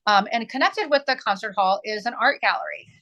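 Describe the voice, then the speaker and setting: A woman's voice: medium pitch, lively intonation, brisk, sharp tone, muffled recording. A woman in her forties from southern Illinois, answering interview questions earnestly as an arts nonprofit director, with many ums.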